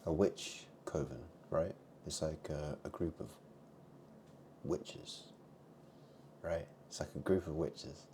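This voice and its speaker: Low, dark-voiced man rambling. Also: steady tone, takes it slowly, long pauses, a little hiss or hum. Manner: muttering asides, swings between loud and hushed. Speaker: vlogger. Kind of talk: rambling monologue to camera.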